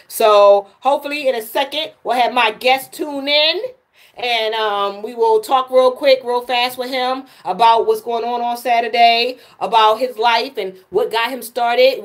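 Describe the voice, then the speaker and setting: A woman hosting her own livestream, talking straight to viewers in a chatty way and often repeating words. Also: a little high. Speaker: livestream host and poet. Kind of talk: casual livestream chat with viewers.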